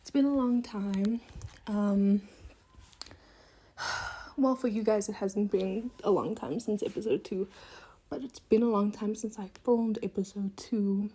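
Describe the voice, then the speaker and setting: A woman's voice: mid-range voice, a little slow, pauses often, dark tone, slightly rough. A woman in her twenties hosting her own podcast, rambling and chatty, laughing often and slipping into whispered asides, recorded on a phone at home. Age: 20s. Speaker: podcast host. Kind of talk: casual chat. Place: indoors, room at home with windows. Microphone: phone held in hand.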